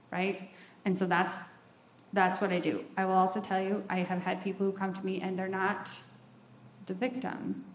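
A woman's voice: mid-range voice, flat delivery, normal speed, creaky, pauses often, slight background noise. A woman talking frankly and with self-mocking humor about recovery, often tagging lines with "right?". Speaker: recovery program speaker. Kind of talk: candid talk on recovery. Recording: roomy echo, faint ambience.

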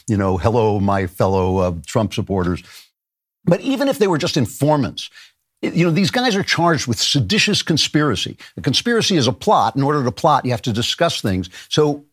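Brief: male show host, sardonic comic monologue, pitch bouncing all over, dry close mic. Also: fairly quick, slightly rough, no room sound. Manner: sardonic, mocking, laughs at his own jokes; animated, shouts mock voices of others. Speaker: political commentator and show host.

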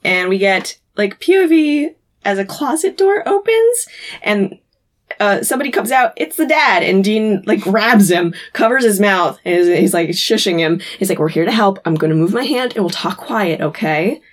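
Animated woman retelling a TV episode. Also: mid-range voice. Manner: animated retelling, acting out lines in quick voices. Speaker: podcast co-host recapping an episode. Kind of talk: casual chat.

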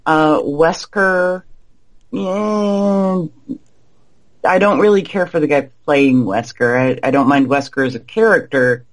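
Male co-host, higher-pitched voice, opinionated and blunt, casual talk. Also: fairly even intonation. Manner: opinionated, blunt, quick to judge. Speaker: podcast co-host. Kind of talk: casual film discussion.

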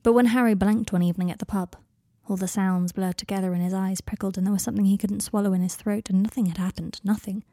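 Mellow woman narrating a story. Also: medium pitch, fairly even intonation, fast, hardly any pauses, no room sound, clean studio sound. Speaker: audiobook narrator. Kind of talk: fan fiction audiobook narration.

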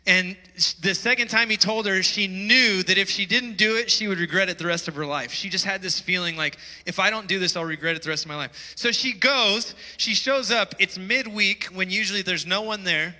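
High, bright-voiced man preaching. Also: brisk, hardly any pauses, long reverb tail, rough recording. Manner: storytelling, emphatic rising calls to wake up. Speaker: pastor. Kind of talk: sermon. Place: church hall.

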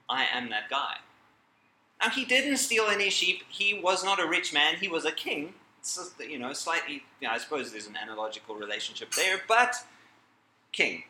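A man with a slightly high, sharp-toned voice lectures a live audience in an echoey hall, with a bit of background noise. He's chatty and playful, cutting himself off mid-sentence to laugh at his own asides.

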